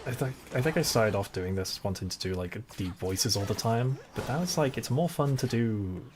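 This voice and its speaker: A young man, a voice actor, chats while playing through a game on stream, keen on the voices and quoting them. His voice sits somewhat low, with faint noise underneath. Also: lively intonation, moderate pace. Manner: enthusiastic, chatty, admires and imitates voices. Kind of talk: casual gaming stream chat.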